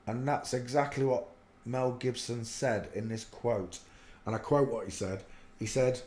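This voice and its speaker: A man's voice: medium pitch, fairly even intonation, unhurried, darkish tone. A man giving earnest, preachy spoken commentary on faith, rambling with many fillers, in an echoey room. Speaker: religious video host.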